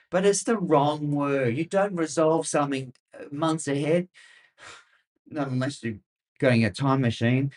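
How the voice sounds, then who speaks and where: A middle-aged Australian man hosting a weather show, rambling and sarcastic with lots of fillers. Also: medium pitch. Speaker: weather podcast host. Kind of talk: casual commentary.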